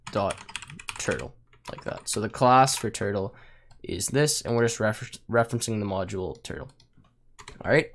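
A young man with a raspy voice he says he is losing, casually walking through a coding tutorial with plenty of ums and likes. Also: mid-range voice, slight background noise. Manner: casual, with fillers like um and like. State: losing his voice. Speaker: programming tutor. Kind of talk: screen-recorded coding tutorial.

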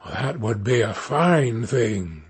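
Gullible miller in a storybook tale , read by a man: slow, drawn-out exclamations, husky tone. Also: mid-range voice, very animated, voice pushed down, heavily acted. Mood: amazed. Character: gullible, excitable male miller.

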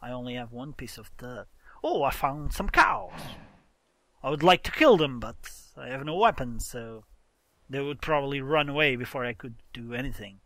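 A man's voice: mid-range voice, lively intonation, moderate pace, a bit bright, no room sound, clean studio sound. A man hosting a casual let's-play, explaining game mechanics and exclaiming in exasperation as he plays with a friend. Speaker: gaming channel host.

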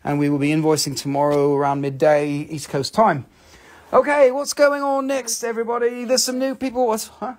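A man's voice: sits high, little pitch movement, moderate pace. A man hosting a live stream that sells rocks, joking, swearing and talking to himself. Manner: joking, profane, talks to himself. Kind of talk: live-stream sales chat.

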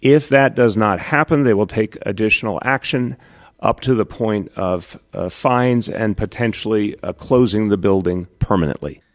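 A man giving an official press statement in a measured way, pausing with "uh". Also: lowish voice. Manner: measured, with "uh" pauses. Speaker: politician.

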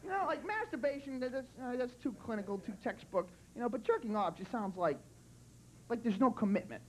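A man performing a stand-up comedy set on a club stage, loud and animated, swearing and acting out quick voices. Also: very high-pitched, rough recording. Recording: live club recording, loud crowd and noise.

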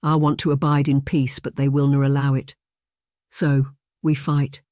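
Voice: mid-range voice, flat delivery, moderate pace, a little mellow, dry recording, studio quality, natural voice. A narrator voicing a proud young Scottish boy who speaks in a matter-of-fact way, in broad Scots dialect with a Scottish accent. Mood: solemn. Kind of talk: audiobook character voice.

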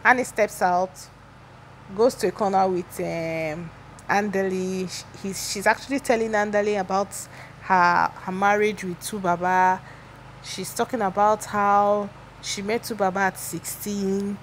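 A woman's voice: medium pitch, steady tone, a little slow, a little hiss or hum. A woman giving a chatty, opinionated gossip recap, often restarting her sentences. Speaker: celebrity gossip vlogger.

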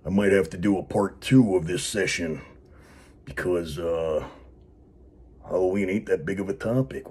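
Low-voiced man rambling casually. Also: measured pace, pauses often, a little mellow, slightly rough. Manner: rambling, filler-heavy, laid-back. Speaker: wrestling show host. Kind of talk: casual vlog.

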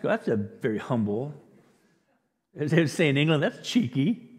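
A male pastor preaching a sermon, telling the story in an animated way and acting out the quotes with chuckles. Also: a little high, normal speed, pauses often. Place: church sanctuary. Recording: long reverb of a large hall.

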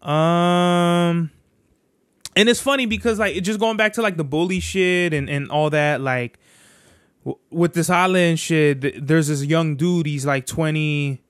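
A man's voice: a little high, measured pace, smooth, dry recording, clean studio sound. A man hosting a podcast in a casual, rambling monologue, full of slang and swearing. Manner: profane, slangy, rambling storyteller. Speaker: podcast host.

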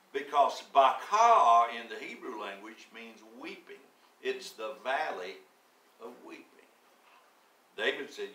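Preacher, man, 70s: slow, deliberate sermon delivery with a bright, forceful tone, heard in an echoey church from off mic. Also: mid-range voice, sing-song, distant mic. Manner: slow, deliberate storytelling that swells into emphatic preaching. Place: church sanctuary.

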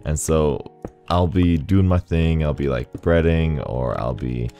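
A man's voice: extremely low pitch, a little slow, dark tone. A man hosting a gaming video, chatting casually and rambling, laughing often as he plays. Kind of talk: casual gameplay commentary. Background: faint game music.

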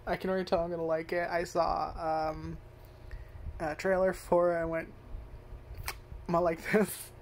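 Sharing her first casual take on a show, this anime reviewer rambles, curses freely, and keeps correcting herself. She speaks at a moderate pace in a lowish, slightly mellow voice with a flat delivery.

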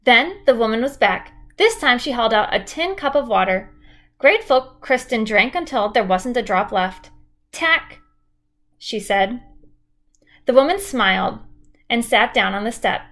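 Woman teacher reading a chapter book aloud, steady, clear, slightly high voice. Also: moderate pace.

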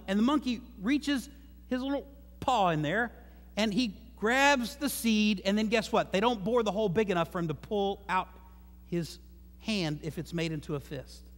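A man preaching a sermon as pastor in a church, conversational, with joking asides. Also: sits high. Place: church sanctuary. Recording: long hall reverb.

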